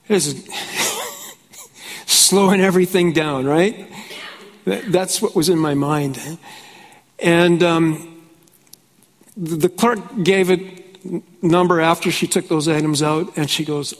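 A man's voice: on the high side, slow pace, long pauses. A man who is a pastor, preaching a conference sermon in a chatty storytelling way, often laughing and asking "right?", and growing fervent. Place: conference hall. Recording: hall with long reverb.

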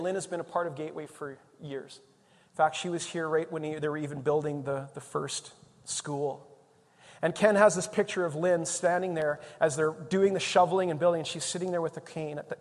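A man preaching a sermon as the pastor, telling a story in an animated way that swings between loud and soft. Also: a little high, long reverb tail.

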